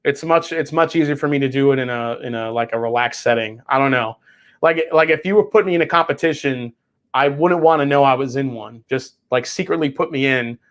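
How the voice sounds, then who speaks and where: A man's voice: medium pitch, a little fast, a bit bright. Rambling, swearing whiskey host, man. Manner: rambling, swears freely, reads chat aloud. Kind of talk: casual livestream chat.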